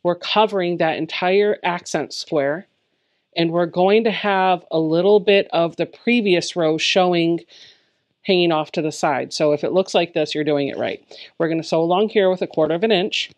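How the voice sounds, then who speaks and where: A woman's voice: lowish voice, moderate pace. A woman giving a step-by-step quilting tutorial, explaining each step plainly in a friendly, encouraging way. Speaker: quilting instructor.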